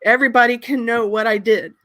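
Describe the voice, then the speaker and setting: A woman hosting a live stream, sniffling and tearful as she gives an earnest, halting apology. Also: fairly high pitch, steady tone, a bit bright.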